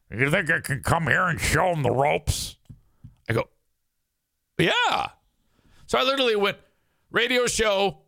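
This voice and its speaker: A man's voice: a little high, no room sound, clean studio sound. A man hosting a radio show, telling a casual story and acting out the people he quotes, with some swearing. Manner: animated, acts out quoted people with shifting voices.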